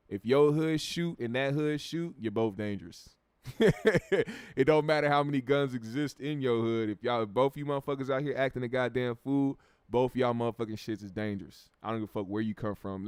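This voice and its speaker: An American man hosts a casual livestream, reading viewer comments aloud in a laid-back, profane way and repeating words as he thinks. His mid-range voice is smooth with a darkish tone, and the recording is dry.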